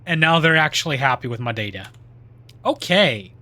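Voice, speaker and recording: A man's voice: medium pitch, lively intonation, moderate pace, bright, forceful tone. A man streaming live gameplay, chatting and laughing often, trailing off mid-sentence.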